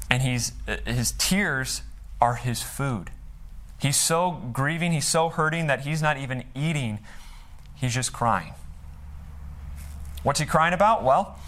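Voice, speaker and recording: A man preaching a sermon in an earnest, conversational way, with pauses and restarts. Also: mid-range voice, a bit bright. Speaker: pastor.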